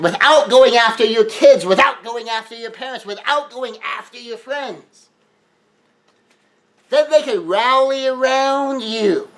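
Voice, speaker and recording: Man, high voice, earnest advice monologue, repeats words. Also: fairly bright tone, poor audio. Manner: earnest, repeats words when rushing, acts out quoted scenes. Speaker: relationship advice speaker.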